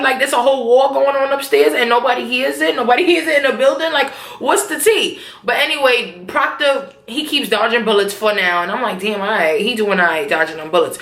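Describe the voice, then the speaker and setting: A young woman talks through a TV episode in loose, slangy chat, voicing the characters' lines as she goes. Her voice sits a little high, and the room around her rings with echo. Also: a bit bright. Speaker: TV episode recapper. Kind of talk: casual episode recap.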